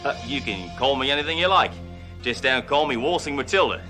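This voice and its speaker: A man's voice: mid-range voice, expressive, brisk, over loud music, close to an everyday voice. Man putting on a blustering fake-Aussie tycoon. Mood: flirty. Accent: fake Australian. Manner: boastful, blustering, hammy. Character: brash loud male cop posing as an Aussie tycoon.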